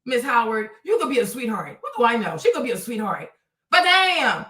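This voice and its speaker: High, bright-voiced woman ranting to chat. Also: very animated, fairly quick, slight background noise. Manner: blunt and profane, addresses commenters directly. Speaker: live streamer. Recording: roomy, from a distance.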